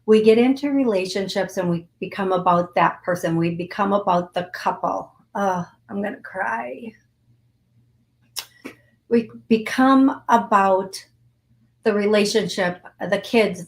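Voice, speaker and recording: Slow-spoken woman psychic host. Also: medium pitch. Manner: warm coaxing, emotional, repeats phrases. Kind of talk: live call-in reading and guided healing.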